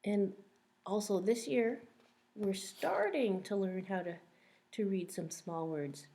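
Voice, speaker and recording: A woman teacher reads a picture book aloud to young children in a mid-range voice, going slowly and gently asking them questions as she goes.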